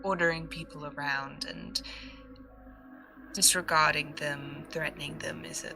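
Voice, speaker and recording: A woman's voice: deep voice, level tone, a little slow, creaky, music in the background. A woman playing in a tabletop game, speaking in character in a dry, sarcastic way. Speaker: player.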